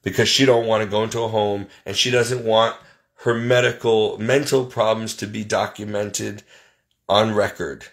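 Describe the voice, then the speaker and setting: Gravelly man venting his troubles. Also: on the low side, steady tone, moderate pace. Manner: plain-spoken, exasperated, listing grievances. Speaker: vlogger. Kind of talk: casual personal venting to camera.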